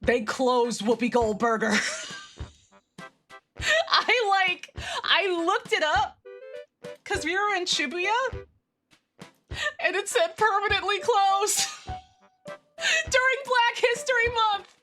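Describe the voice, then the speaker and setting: A young woman streamer chatting casually with viewers, animated and slangy, swinging between excitement and deadpan. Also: high-pitched, slow pace, long pauses. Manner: slangy, lots of fillers. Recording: faint music behind the voice.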